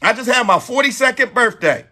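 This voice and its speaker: Bright, high-voiced man in his forties. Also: lively intonation, a little fast. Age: 40s. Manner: emphatic, repeats key points. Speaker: host. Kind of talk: live dating-advice talk.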